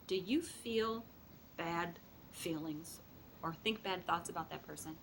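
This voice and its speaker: A woman's voice: on the low side, measured pace, a little hiss or hum. A middle-aged woman giving a lecture to foster parents and acting out the voices in the stories she quotes. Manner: lively, acts out quoted voices. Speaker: speaker training foster parents.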